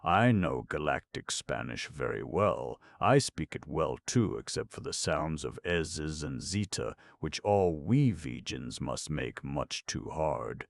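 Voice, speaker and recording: A man's voice: a bass voice, animated, slow, gravelly, few pauses, no echo, heavily acted. A man reading an audiobook, voicing a young alien woman linguist who is eager and blunt and turns her S sounds into hard Z's. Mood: earnest.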